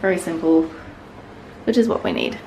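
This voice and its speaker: A young Australian woman vlogging while she travels, chatting in a rambling, excitable way into a handheld camera. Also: deep voice, normal speed, gravelly, slight background noise. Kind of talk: casual travel vlog. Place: hotel room, then outdoors on streets.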